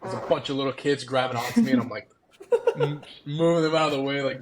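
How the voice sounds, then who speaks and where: Animated young man telling a story. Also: mid-range voice, quick pace, a loud crowd. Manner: animated, acts out quotes, laughs often. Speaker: podcast guest, former college baseball player. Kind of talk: casual storytelling.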